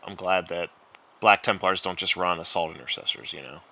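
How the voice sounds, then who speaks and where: A man co-hosting a casual chat, animated and laughing often. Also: low-pitched, brisk, lo-fi sound. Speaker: co-host.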